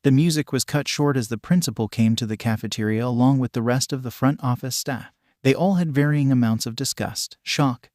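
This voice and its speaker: A man narrating a comic fan fiction with brisk, matter-of-fact storytelling and wry asides. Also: medium pitch, darkish tone, dry recording, studio quality. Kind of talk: reading a fan fiction aloud.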